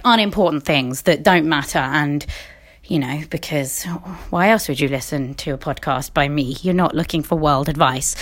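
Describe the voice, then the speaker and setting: A woman's voice: lowish voice, a bit bright. An English woman hosting a solo podcast, ranting in a rambling, sarcastic way, often cutting herself off and swearing. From England. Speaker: podcast host.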